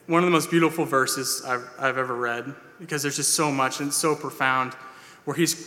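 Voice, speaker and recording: Speaking from the church sanctuary, a pastor delivers a sermon to his congregation in a bright, forceful voice of medium pitch. He's earnest and plain in manner, stumbling into "uh"s and starting over. Long hall reverb trails his words.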